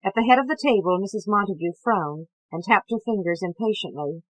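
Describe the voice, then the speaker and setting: Woman reading a novel, measured and even, mid pitch, dry close sound. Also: no echo, low-quality recording. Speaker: audiobook narrator.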